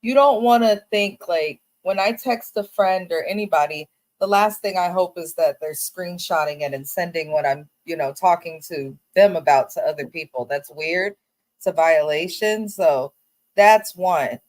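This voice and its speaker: A woman's voice: fairly low pitch, normal speed, a little mellow. A woman co-hosting a reality TV recap, giving firm, opinionated takes in casual talk. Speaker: co-host.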